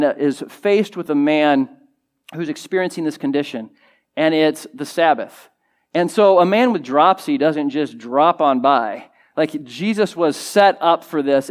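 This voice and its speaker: Animated, fairly high-voiced male preacher. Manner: conversational, many fillers and restarts; rises in pitch and volume for emphasis. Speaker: pastor. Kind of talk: sermon.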